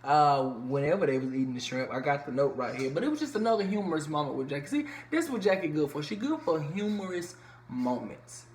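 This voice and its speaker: Reality TV reviewer, casual profane slang, mid pitch, recorded in an echoey room with faint noise. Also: animated, fast talker, darkish tone. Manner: loose, profane, chatty slang with many fillers. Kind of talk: casual episode recap.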